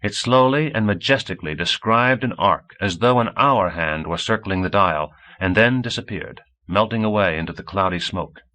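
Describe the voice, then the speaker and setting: A man reading an audiobook in a measured storytelling manner. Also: on the low side, bright, forceful tone. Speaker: audiobook reader. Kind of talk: audiobook narration.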